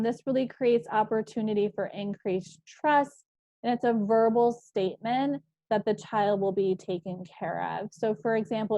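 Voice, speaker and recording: A woman psychologist giving a parenting presentation, explaining in a calm, measured way with an occasional "um". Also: medium pitch, no echo. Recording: slightly dull, muffled recording.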